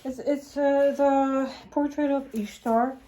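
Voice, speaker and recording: A woman vlogger talking on in a loose, wandering monologue, her voice sitting a little high. She stops and restarts often, repeats her phrases, and lifts into a higher voice when she acts out what she said. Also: fairly even intonation, slow, mellow, poor audio. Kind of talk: rambling casual monologue.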